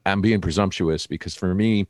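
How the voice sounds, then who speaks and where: Guy hosting a podcast, really low voice, dry sound, kinda rambles and restarts. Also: darkish tone, no echo. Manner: rambling, halting, many restarts. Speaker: podcast host. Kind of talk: casual interview chat.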